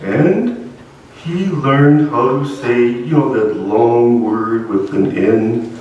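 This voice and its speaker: A man voicing a curious, playful young male frog puppet who talks in a slow, halting, sing-song way, recorded in an echoey church hall from a distance. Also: mid-range voice, a little mellow, dull audio, a little hiss or hum, lightly acted. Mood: trying.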